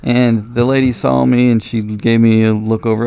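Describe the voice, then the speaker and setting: A man's voice: mid-range voice, little pitch movement, fast, vocal fry, mellow, smooth, no room sound. A man co-hosting a casual comedy podcast, telling rambling stories and acting out the people in them. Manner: rambling storyteller, acts out quoted people. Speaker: podcast co-host.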